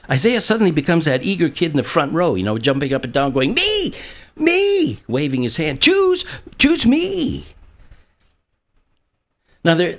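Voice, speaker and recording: A man delivering a sermon, his voice rising and falling widely as he acts out the lines. He repeats himself in quick restarts and lets out a chuckle now and then. His pitch sits in an ordinary middle range. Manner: animated, acts out quotes with a jumping pitch. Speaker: pastor. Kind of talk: sermon with scripture reading.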